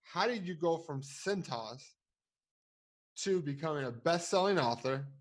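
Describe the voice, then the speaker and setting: A man's voice: fairly high pitch, lively intonation, measured pace. Eager male interview host. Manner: eager, steering with long leading questions. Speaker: podcast host. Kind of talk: casual interview.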